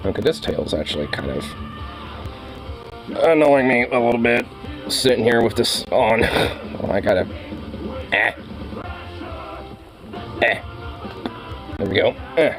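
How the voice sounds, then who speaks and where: A man's voice: mid-range voice, expressive, a little slow, pauses often, over music. A young man chatting casually with his viewers, rambling, laughing often and swearing freely. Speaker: streamer.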